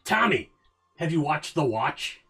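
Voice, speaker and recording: A man's voice: on the high side, sing-song, a little slow, fairly bright tone, faint music behind. A man casually chatting on a live stream while working, rambling, joking and talking to himself. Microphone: headphones on.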